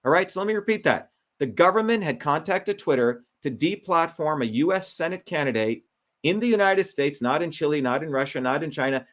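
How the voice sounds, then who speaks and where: A middle-aged man, a Senate candidate, telling his story in an indignant, emphatic way and repeating his key points. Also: a little high. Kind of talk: impassioned political monologue.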